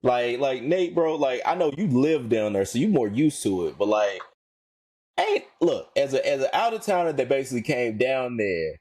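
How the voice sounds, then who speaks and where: A man co-hosts a casual podcast in a mid-range voice at a moderate pace, animated and full of slang, repeating himself for emphasis. The recording is dry.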